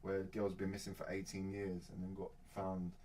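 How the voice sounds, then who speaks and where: A man's voice: low-pitched, monotone, normal speed, crowd noise. A young man, chatting casually as podcast co-host, slangy and rambling. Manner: slangy, rambling, laughs often. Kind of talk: casual chat. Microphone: faulty mic. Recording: distant mic with faint noise.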